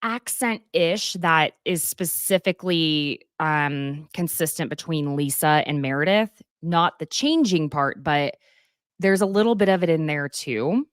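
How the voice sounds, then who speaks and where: A woman hosting a casual chat, recapping a reality show in a chatty, gossipy way with quick asides. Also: sits low, expressive, no room sound, clean studio sound. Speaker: podcast host.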